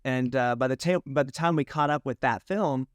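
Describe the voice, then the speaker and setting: A man's voice: mid-range voice, normal speed, clean tone, dry recording, clean studio sound. A man, a film director, telling anecdotes in a casual interview and acting out the dialogue.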